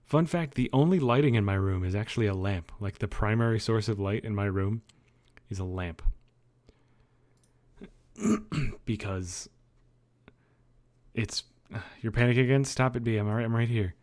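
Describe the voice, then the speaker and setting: Low-voiced man chatting casually on stream. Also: normal speed, long pauses, darkish tone. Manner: loose, rambling, joking and swearing. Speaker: livestreamer. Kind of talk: casual chat with viewers. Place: own dimly lit bedroom.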